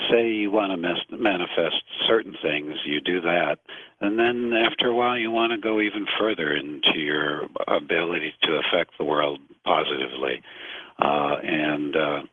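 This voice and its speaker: A man who is a guest on a radio show, answering questions in a soft-spoken, hesitant way with many fillers. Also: a bass voice, slightly rough, dry recording. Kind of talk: interview answers. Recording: phone-like, dry.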